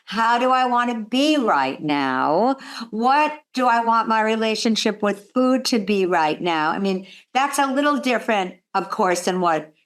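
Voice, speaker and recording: A woman speaking slowly and earnestly in a reflective conversation, thinking aloud about her own experience. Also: a little high, animated. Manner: slow, earnest, self-reflective.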